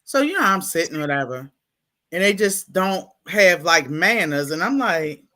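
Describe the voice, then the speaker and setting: Animated Baltimore woman with bright tone. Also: lowish voice, normal speed. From Baltimore, USA. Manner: animated, laughing, acts out quotes in exaggerated voices. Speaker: guest, school staff. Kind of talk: casual storytelling interview.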